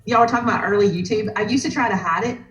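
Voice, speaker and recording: A woman with a Southern US accent, chatting as a guest on a live crafting stream and telling stories with animated energy. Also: medium pitch, very fast, roomy sound, low-quality recording.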